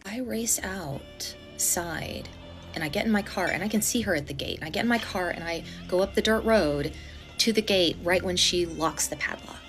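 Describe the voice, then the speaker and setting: A woman with a slightly low voice recounts a storytime from home. She tells it in a casual, indignant way, acting out the others' lines in an animated manner. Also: moderate pace, husky, soft background music. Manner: animated, indignant retelling with acted-out quotes; speaking quietly to avoid disturbing a neighbor.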